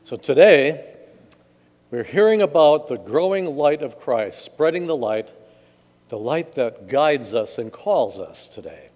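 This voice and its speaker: A man's voice: on the high side, animated, unhurried, a little mellow. A male pastor reading scripture and preaching a conversational sermon with jokes in a church sanctuary. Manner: conversational, joking. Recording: long church reverb.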